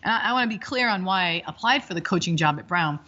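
An energetic woman in her fifties talks as an interview guest and tells animated, rambling stories from her coaching life. Her voice is bright and forward. The recording is slightly dull and lo-fi. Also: on the low side, fast talker. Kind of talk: casual interview chat.

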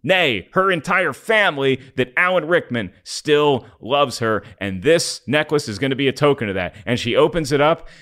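Brief: man podcast co-host, wry and rambling, middle pitch. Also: animated, normal speed, hardly any pauses, a bit bright. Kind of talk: casual film discussion.

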